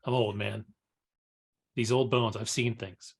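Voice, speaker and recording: A man's voice: fairly low pitch, fairly even intonation, unhurried, vocal fry, slightly rough. A man in his forties co-hosting a podcast, joking casually at his own expense. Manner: self-mocking, jokey. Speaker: podcast co-host. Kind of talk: casual chat.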